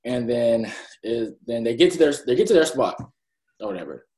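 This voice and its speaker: This podcast co-host rambles through a casual anime recap, retelling scenes and acting out the characters' lines. He has an expressive, mid-range male voice with a dark tone and a normal pace. The room is echoey.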